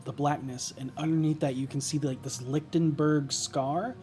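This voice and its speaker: A man narrating a tabletop game as game master, describing scenes slowly and thoughtfully with pauses. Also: on the high side, steady tone, darkish tone, faint music behind.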